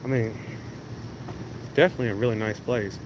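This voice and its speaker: A livestream host ambles through a large indoor venue, chatting and rambling easily to his audience via a phone mic. He has a medium-pitched voice with fairly even intonation and talks a little fast. The surroundings are noisy.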